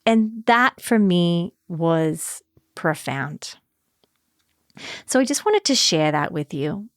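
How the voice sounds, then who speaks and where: Candid woman podcast host, lowish voice. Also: animated, takes it slowly, no echo, studio quality. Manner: candid and emotional, often laughing. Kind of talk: personal storytelling monologue.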